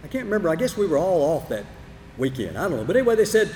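An older man preaching a sermon, emphatic and storytelling, with big swings between loud and soft. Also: sits high, sing-song, rapid-fire, a little hiss or hum. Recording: reverberant hall, faint room ambience.

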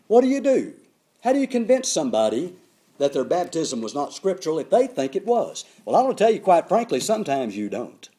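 An older man preaching a sermon, telling stories with emphatic, animated delivery. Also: fairly high pitch.

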